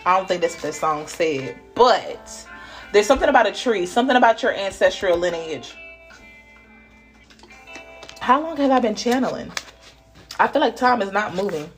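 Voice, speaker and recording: A woman giving a casual spiritual reading, playful and laughing, dropping to whispers and jumping to loud bursts. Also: medium pitch, sing-song, moderate pace, long pauses, faint music behind. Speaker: spiritual reader channeling messages. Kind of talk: casual intuitive reading monologue.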